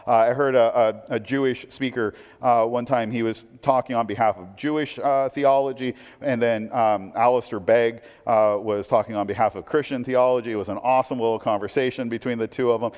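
A man preaching a sermon in a casual, conversational way, often checking in with listeners with quick asides. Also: medium pitch, steady tone, a little mellow. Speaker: pastor. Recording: long hall reverb.

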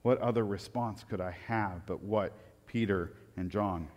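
A man preaching a sermon, telling stories with lively swings from loud excitement to quiet reflection. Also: fairly low pitch, measured pace, big-room sound. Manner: animated storytelling, rising loud for anecdotes, dropping soft for reflection. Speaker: pastor.

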